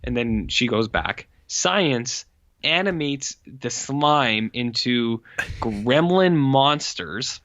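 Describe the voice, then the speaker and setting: A man casually retells a horror movie's plot, stuffing his sentences with fillers and jumping into quick impressions of the characters. His voice sits at a middling pitch. The recording is dry and a bit dull, like a home podcast mic. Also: lively intonation, fairly bright tone, no room sound. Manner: rambling, heavy "like" fillers, acts out characters' lines. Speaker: podcast co-host.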